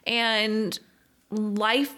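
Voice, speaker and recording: A woman co-hosting a podcast, chatting casually about a movie, animated and laughing often. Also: medium pitch, very slow. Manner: animated, laughs often, drops into quoted voices. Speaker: podcast co-host. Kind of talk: casual chat reviewing a movie.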